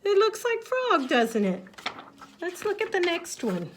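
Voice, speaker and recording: A woman reading a picture book aloud to young children, expressive and sing-song, then talking through the pictures. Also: very high voice, unhurried, slight background noise. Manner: expressive, sing-song, shifting into character voices. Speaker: storybook reader.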